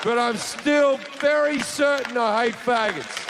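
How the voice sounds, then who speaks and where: A man's voice: very high voice, measured pace, gravelly, a loud crowd, very noisy. A man performing a profane, storytelling stand-up comedy routine on a theater stage.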